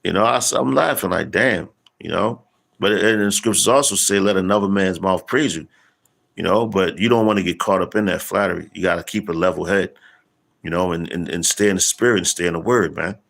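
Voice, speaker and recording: In a low, gravelly voice with a slightly bright edge, a man delivers a casual street-style sermon peppered with slang and profanity. He slows down to read Bible verses with deliberate emphasis.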